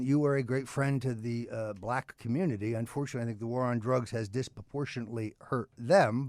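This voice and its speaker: Halting radio talk host, dry sound. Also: male voice, mid-range voice, darkish tone, no echo. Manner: halting, full of uh's, with grand introductions.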